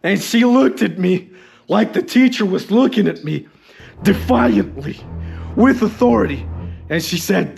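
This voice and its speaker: A man telling a comedic story about his school days, dramatic and exaggerated, sometimes bursting into shouts. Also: sits high, expressive, a little slow, creaky. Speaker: storyteller and channel host.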